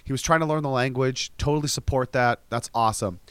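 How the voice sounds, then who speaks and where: A man co-hosting a podcast in casual chat, animated and swearing freely as he mimics people in his stories. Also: mid-range voice, fast, clean tone, no echo. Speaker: podcast co-host.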